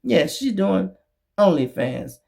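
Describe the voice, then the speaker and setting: Male host, gravelly, profane, mocking street commentator. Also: sits high, big pitch swings, slow, darkish tone. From Memphis. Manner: blunt, profane, mocking, acts out others' voices. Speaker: show host. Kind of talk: commentary monologue.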